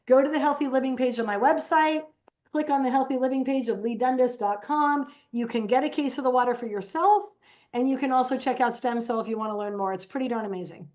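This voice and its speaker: Woman guest telling stories on a podcast, lively, does little voices for people she quotes, kinda high, dull lo-fi audio. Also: quick pace. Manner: animated, acts out quoted voices. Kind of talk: casual storytelling.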